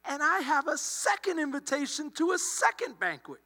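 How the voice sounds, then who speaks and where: A male pastor telling a story in a sermon, animated, acting out the characters' lines. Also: very high-pitched, normal speed. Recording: long hall reverb with mains hum.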